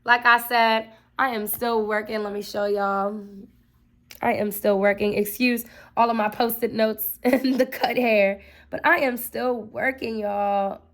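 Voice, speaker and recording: A woman's voice: fairly high pitch, steady tone, a little slow, fairly bright tone. A young woman vlogging casually at home, chatting to viewers with lots of fillers and asides. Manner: chatty, addresses viewers as y'all, frequent fillers. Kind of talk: casual chat to camera. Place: home room.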